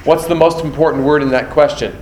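A man's voice: fairly high pitch, steady tone, fast, darkish tone. A man lecturing a class in a somewhat raised voice, quizzing students and acting out exam scenarios. The sound is roomy and echoey, with a faint hum of ambience behind him. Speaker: nursing exam instructor.

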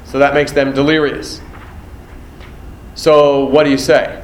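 A man's voice: mid-range voice, little pitch movement, unhurried, roomy sound, slight background noise, rough recording. A man teaching a nursing exam prep class, quizzing students and acting out exam scenarios. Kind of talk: classroom lecture.

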